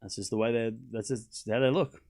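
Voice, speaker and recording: A young man hosting a live tennis watchalong, chatting excitedly with viewers and calling scores. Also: medium pitch, brisk. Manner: chatty and excitable, laughs often, repeats phrases, calls out live scores. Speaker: livestream tennis watchalong host. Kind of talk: casual live-stream commentary chatting with viewers.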